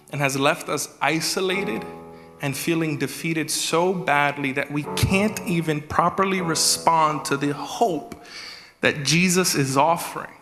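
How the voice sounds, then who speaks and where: A man preaching a sermon as executive pastor, animated, acting out prayers in a raised voice. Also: a little high. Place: church hall. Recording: live church hall with reverb and music.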